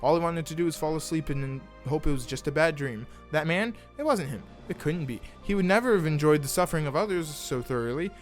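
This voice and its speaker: A man's voice: on the high side, quick pace, hardly any pauses, soft background music. A young man reading fan fiction aloud in a casual way, stumbling over words and adding asides. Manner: animated, stumbles over words, laughs at the text.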